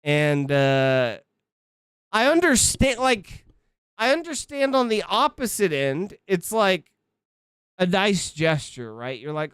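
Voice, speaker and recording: A man's voice: high voice, very animated, takes it slowly, a bit bright, smooth, no room sound. A man in his thirties chatting casually on a livestream from his home setup, rambling, swearing and cutting himself off mid-thought. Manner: rambling, profane, self-interrupting. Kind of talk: casual stream chat.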